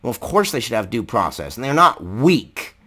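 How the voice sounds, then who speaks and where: A man's voice: medium pitch, big pitch swings, normal speed. Heated, profane man ranting. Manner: profane, heated, shouting at times; rhetorical questions. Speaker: political commentary vlogger. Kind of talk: angry ranting commentary.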